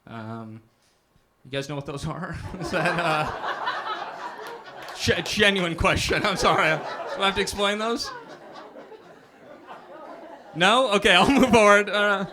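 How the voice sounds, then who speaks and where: A man's voice: sits high, lively intonation, takes it slowly, pauses often, heavy background noise. A young man doing a self-deprecating stand-up set, often asking "right?" after his punchlines. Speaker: stand-up comedian. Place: comedy club stage with a live audience.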